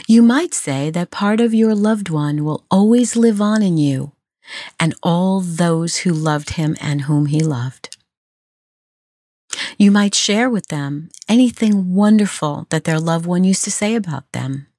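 Podcast host, female, low-ish voice, gentle and compassionate, dry close sound. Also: expressive, measured pace, dry recording. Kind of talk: scripted advice talk.

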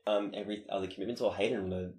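A man's voice: on the low side, fairly even intonation, rapid-fire, a little mellow, echoey room. A man in the cast of a small film, chatting casually and dropping dry one-liners. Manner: dry quips. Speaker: actor in the cast. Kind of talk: casual group chat.

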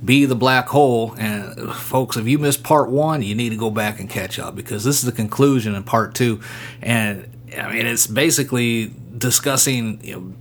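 A pastor hosting a business podcast, speaking at an ordinary middle pitch. He urges listeners on with warm conviction and answers his guest with an amen. The talk is relaxed and conversational. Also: a little hiss or hum. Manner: encouraging, interjects amen. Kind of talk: casual interview talk.

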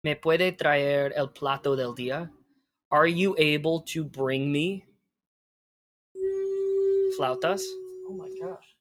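A man teaching conversational Spanish, patiently explaining and modeling phrases slowly. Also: a little high, a bit bright.

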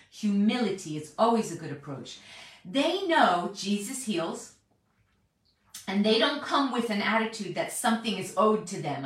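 A woman preaching a chatty, animated Bible teaching, often acting out what people say. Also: medium pitch. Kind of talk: sermon. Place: large echoey room. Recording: very echoey hall, mic distant.

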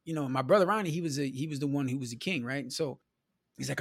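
A man's voice: mid-range voice, fast talker, dry recording, clean studio sound. A man from the American Midwest, a podcast guest telling stories about growing up in a loose, conversational way. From Milwaukee, US Midwest. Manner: loose and conversational, peppers talk with "you know", "man" and "bro". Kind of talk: casual storytelling conversation.

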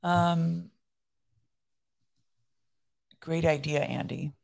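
Brief: female podcast co-host, deep voice, chatty explainer. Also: slow, gravelly, a little mellow. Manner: explanatory, chatty, laughs easily. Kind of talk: casual chat.

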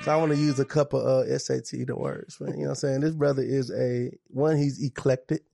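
A man's voice: mid-range voice, fairly even intonation, brisk, gravelly, dark tone. A man hosting a podcast in a hyped, joking, slangy manner. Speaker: podcast host. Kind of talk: casual podcast chat.

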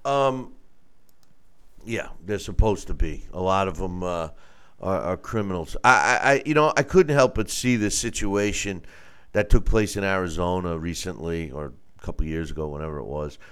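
Man, smooth clear voice, casual call-in chat, rambling, repeats words. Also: deep voice, normal speed, fairly bright tone.

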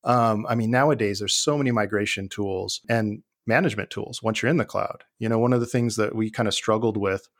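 A man being interviewed, talking in a relaxed, thoughtful way with many fillers and restarts. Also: on the low side, brisk, hardly any pauses. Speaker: guest, former IT leader. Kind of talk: conversational interview.

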